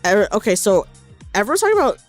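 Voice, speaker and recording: Young woman host, casual stream chat, animated and sweary, very lively pitch, faint background music. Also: quick pace. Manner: animated, swears, trails into quiet mumbles.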